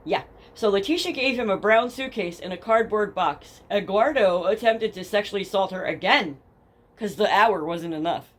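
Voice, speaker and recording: Young woman with a Jersey accent as a casual true crime host, blunt, sarcastic, swears freely, medium pitch. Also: moderate pace. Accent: New Jersey. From New Jersey. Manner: blunt, profane and sarcastic, reads case documents then mocks them. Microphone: headphones with a home mic.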